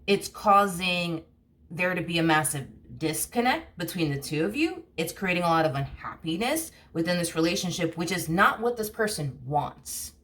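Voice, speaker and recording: A woman's voice: lowish voice, lively intonation, normal speed, fairly bright tone. A woman giving a casual tarot reading, rambling and blunt, full of fillers and the odd curse word. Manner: rambling, heavy "you know" and "like" fillers, blunt swearing. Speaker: tarot reader.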